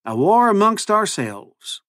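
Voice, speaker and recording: A man's voice: high voice, very animated, pushed and bright, dry recording, studio quality, voice pushed up, heavily acted. A man putting on a drawling would-be cowboy mayor. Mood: folksy. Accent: put-on Western cowboy drawl. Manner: drawling, earnest, slow. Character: small-town male mayor posing as a folksy cowboy.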